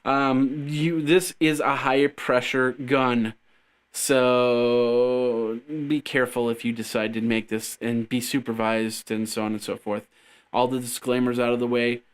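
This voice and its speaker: A man's voice: mid-range voice, steady tone, a little slow, smooth. A man hosting a casual tech news show, rambling and joking as he stumbles over his words. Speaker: podcast host.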